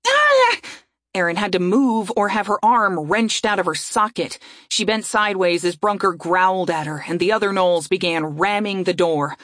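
A woman narrating a fantasy audiobook in a steady storytelling voice. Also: fairly low pitch, normal speed, hardly any pauses, dry recording, clean studio sound.

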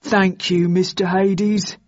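A woman reading aloud, voicing a dim-witted, obedient male henchman who speaks slowly and eagerly. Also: mid-range voice, level tone, darkish tone, no room sound, lo-fi sound.

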